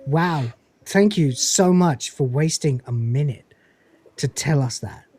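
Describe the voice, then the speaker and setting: A man's voice: on the high side, darkish tone, husky. A British man hosting a live panel stream, mocking and swearing freely, laughing often. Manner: profane, mocking, quick to laugh. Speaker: livestream host. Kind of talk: casual panel chat.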